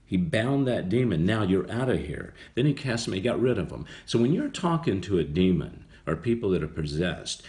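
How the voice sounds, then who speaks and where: Deep-voiced man preaching a casual Bible study. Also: darkish tone. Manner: conversational, repeats phrases for emphasis.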